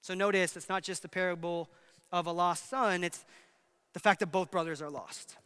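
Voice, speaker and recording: A man preaching a sermon in a high, bright voice, pressing his points hard and then dropping to a hush. Long reverb carries every phrase through a big hall. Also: fairly even intonation, moderate pace, clean tone. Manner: emphatic preaching, swings between loud and hushed. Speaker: pastor.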